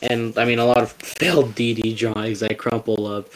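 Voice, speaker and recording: A man's voice: fairly low pitch, little pitch movement, moderate pace, crowd noise, low-quality recording. A young man on a casual podcast chat, ranting with lots of swearing and stammered restarts. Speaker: podcast host.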